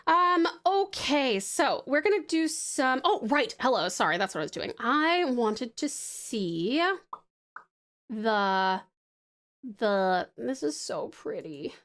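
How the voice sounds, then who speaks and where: A woman's voice: a little high, very animated, slow pace, a bit bright. A woman from Tasmania with an Australian accent, chatting casually on a live stream. She is bubbly and affectionate, swears freely, laughs often, and rambles while sketching.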